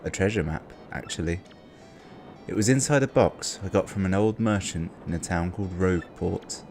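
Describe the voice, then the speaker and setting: A man's voice: sits low, normal speed, darkish tone, faint music behind. A man reading aloud a polite letter from a princess in his own voice.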